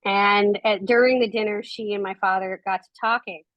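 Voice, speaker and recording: A woman's voice: mid-range voice, steady tone, moderate pace, no echo, lo-fi sound. A woman guest on a podcast, a documentary filmmaker, telling reflective anecdotes in casual conversation. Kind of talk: casual interview chat.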